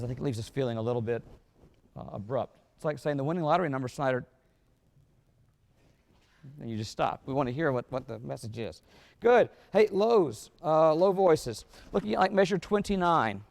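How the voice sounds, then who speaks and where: Gravelly man coaching a wind band. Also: fairly high pitch. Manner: sings phrases in scat syllables to demonstrate; encouraging, instructive. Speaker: band clinician. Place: concert hall.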